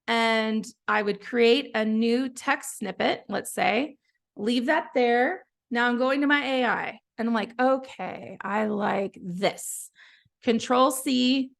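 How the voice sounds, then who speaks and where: Chatty woman with a gravelly voice. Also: a little high, a bit bright. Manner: chatty, encouraging, trails off and restarts. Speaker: app founder giving a product walkthrough. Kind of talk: casual live software tutorial.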